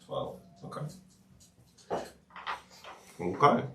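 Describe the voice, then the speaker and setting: A Scottish man running a tabletop game as dungeon master, relaxed and jokey, sometimes dropping to a hushed conspiring tone. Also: extremely slow. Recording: roomy and distant with faint noise.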